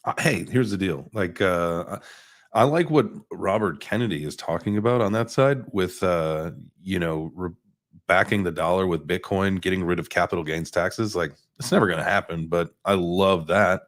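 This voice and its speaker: A man's voice: low-pitched, moderate pace. A man in easygoing, musing podcast chat. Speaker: co-host.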